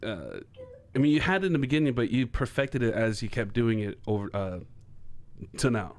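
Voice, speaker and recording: A man hosting a podcast, asking questions in a halting way with many restarts. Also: medium pitch, lively intonation. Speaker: podcast host. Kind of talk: casual chat.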